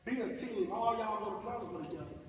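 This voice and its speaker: A middle-aged motivational speaker from Mississippi, US, gives schoolboys a preachy, colloquial anti-bullying talk and draws call-and-response from them. His voice sits high and he talks fast. Recorded from far off in an echoey school gym or hall, with a little hiss or hum.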